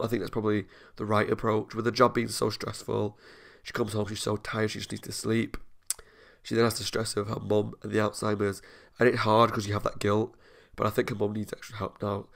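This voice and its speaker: A man's voice: fairly low pitch, gravelly, fairly bright tone. A man talking casually and openly about his feelings as he reviews a TV episode, often poking fun at himself. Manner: chatty, openly emotional, self-deprecating. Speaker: reaction video host.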